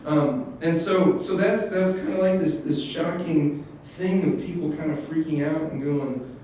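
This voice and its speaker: A man's voice: on the high side, a little slow. Pastor, man, chatty sermon delivery with rambling asides. Heavy room echo, distant mic. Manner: rambling, animated storytelling with many restarts and quoted asides. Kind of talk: casual sermon. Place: church sanctuary. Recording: echoey hall, distant mic, faint hum.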